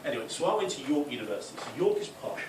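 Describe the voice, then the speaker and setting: A young man from the North East of England with a softened Geordie accent, doing a chatty stand-up routine. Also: fairly high pitch, big pitch swings, rapid-fire. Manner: chatty, with tag questions; loud put-on voices for punchlines. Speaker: stand-up comic. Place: club function room. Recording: echoey room, distant, noisy.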